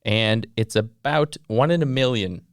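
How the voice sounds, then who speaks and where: A man's voice: medium pitch, measured pace, smooth, no room sound, studio quality. A man hosting a podcast quiz, steadily explaining medical facts. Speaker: quizmaster podcast host.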